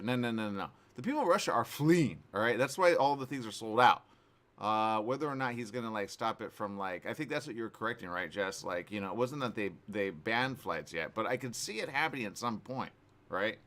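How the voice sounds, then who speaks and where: A man's voice: mid-range voice, normal speed. A man hosting a morning radio talk show, chatting casually with lots of fillers and restarts. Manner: rambling, animated, many fillers and restarts. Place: radio studio.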